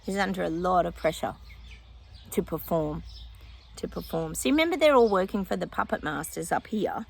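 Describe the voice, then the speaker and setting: A woman's voice: fairly low pitch, animated, moderate pace, creaky. A woman psychic vlogging her predictions outdoors in casual chat, often breaking off to talk to her dog.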